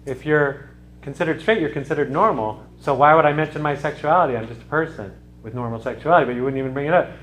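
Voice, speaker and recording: A man's voice: on the high side, fast talker, fairly bright tone. A man giving a conversational classroom lecture as a sociology lecturer, talking in restarts and asides to his students. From United States.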